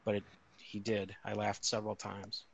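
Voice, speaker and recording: A man's voice: lowish voice, monotone, moderate pace, creaky, slightly rough, dry recording, muffled recording. A man co-hosting a podcast, telling a story in a rambling, amused way with many restarts. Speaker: podcast co-host. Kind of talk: casual chat.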